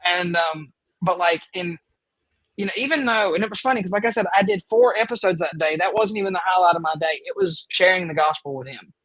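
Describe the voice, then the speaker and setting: A man with a drawl tells a story on his podcast, his voice pitched a bit above the usual male range. He rambles eagerly and leans on fillers. The sound is dry and close, with no room around it. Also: a little fast, fairly bright tone, dry recording, rough recording. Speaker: podcast host. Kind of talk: casual storytelling chat.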